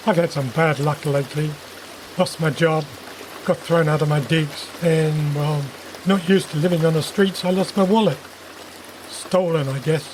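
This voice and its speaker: A woman voicing a nervous homeless man who has broken into a house, speaking low and hushed. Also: fairly even intonation, normal speed, background noise, close to an everyday voice. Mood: ashamed. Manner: hushed, tense, lowered voice. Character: nervous homeless male intruder, gruff and low.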